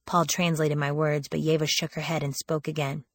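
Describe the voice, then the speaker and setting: Low-voiced woman narrating an audiobook wryly. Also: moderate pace, dry recording, studio quality. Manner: wry, sardonic storytelling with lively quoted lines. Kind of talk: first-person audiobook narration.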